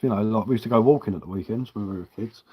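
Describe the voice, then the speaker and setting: A man's voice: fairly low pitch, very fast, husky, highs cut off. A man from Sussex with a Sussex accent tinged with London, hosting a live stream and chatting casually in a loose, matey, rambling way. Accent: Sussex English mixed with a London tinge. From Sussex, England. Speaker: livestream host.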